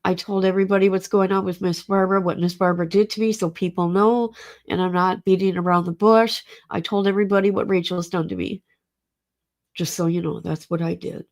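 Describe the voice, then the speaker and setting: A woman's voice: lowish voice, flat delivery, fairly quick, darkish tone. Grieving middle-aged woman livestreaming. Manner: emotional, rambling, swears. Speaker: livestream host. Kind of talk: casual livestream talk to chat.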